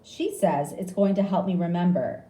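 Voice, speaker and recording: A woman reading a graded reader story aloud, slowly and clearly, in an expressive way. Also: fairly low pitch. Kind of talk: graded reader audiobook narration. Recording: echoey room with faint ambience.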